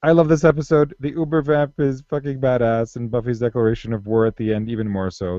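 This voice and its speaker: A man's voice: mid-range voice, fast, hardly any pauses, mellow, no echo. A man co-hosting a podcast in casual chat, enthusiastic and jokey, swearing freely. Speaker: podcast co-host. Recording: dry, slightly muffled lo-fi audio.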